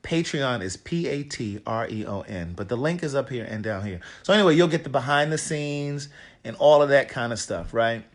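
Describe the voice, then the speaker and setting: Man, raspy voice, from Maryland, casual livestream chat, shouts out viewers, hotel room. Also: medium pitch, lively intonation, normal speed. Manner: chatty, greets viewers by name. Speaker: author and livestream host.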